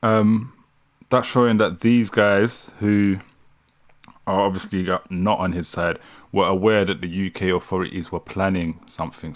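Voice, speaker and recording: A young British man with a London street accent hosting a live reaction stream, mocking what he watches, laughing often and talking to his chat. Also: deep voice. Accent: British, London street style. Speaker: livestream host reacting to news.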